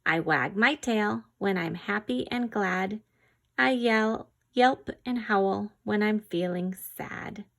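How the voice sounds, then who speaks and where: A woman's voice: mid-range voice, gravelly. A woman reading a children's picture book about farm animals aloud, asking simple questions and imitating animal sounds. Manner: slow, gentle read-aloud with animal sounds and quiz questions. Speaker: reader.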